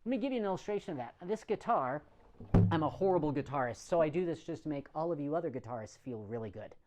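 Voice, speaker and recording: A man's voice: a little high, quick pace, heavy background noise. Easygoing male preacher, plain-spoken. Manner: relaxed, plain-spoken, self-deprecating humor. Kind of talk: conversational sermon.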